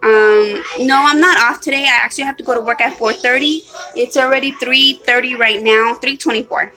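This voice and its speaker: A woman's voice: high voice, fairly even intonation, a little fast, music in the background, rough recording. A woman chatting casually on a home live stream, apologetic and rambling, with lots of ums and restarts. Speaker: vlogger. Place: at home, hot room. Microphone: phone or webcam.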